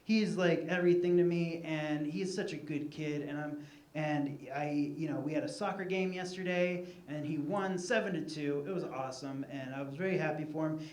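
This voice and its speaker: A man in his thirties doing a crude, animated stand-up set, shouting his punchlines. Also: fairly high pitch. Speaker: stand-up comedian. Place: comedy club stage. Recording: echoey live room with crowd noise.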